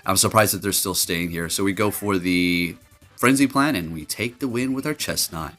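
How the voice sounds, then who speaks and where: A man giving casual, jokey commentary over his gameplay, getting loud and excited and laughing at his own jokes. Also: low-pitched, moderate pace, soft background music. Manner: animated, jokey, excitable, trash-talking. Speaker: gaming commentator.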